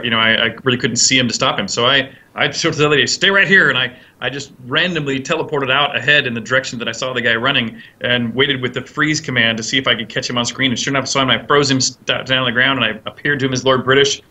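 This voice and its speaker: A man's voice: medium pitch, sharp tone. A man, a game designer, answering interview questions and telling a long anecdote with many fillers and restarts. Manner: rambling, many fillers and restarts, acts out quotes.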